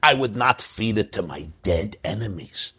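A man's voice: on the low side, animated, normal speed, pushed and bright, breathy edge, heavily acted. A man doing a disgusted, grumbling husband. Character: complaining husband faking disgust at soup.

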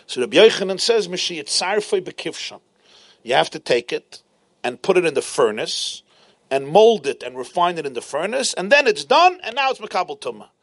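A man teaching a Talmud lesson as an animated storyteller, driving points home through repetition. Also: sits high, fairly quick, dry recording. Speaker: Torah teacher.

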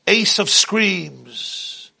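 A man teaching a religious class in an impassioned, dramatic way, swinging from loud to hushed. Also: high-pitched, expressive, very slow, gravelly, husky.

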